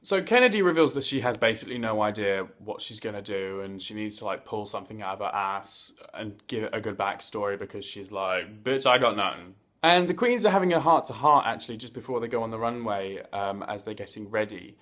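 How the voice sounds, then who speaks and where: A man's voice: fairly low pitch, fairly quick, hardly any pauses, a bit bright. A man hosting a casual review vlog. He talks in a chatty, playful way with campy slang and asides, and he stumbles over words now and then. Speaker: host of a reality TV review vlog.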